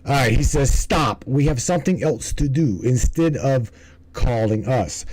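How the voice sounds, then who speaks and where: A man's voice: mid-range voice, lively intonation, unhurried, a little mellow, no room sound, low-quality recording. A man hosting a livestream in casual commentary, rambling and swearing, often stumbling and restarting his words. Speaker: livestream host.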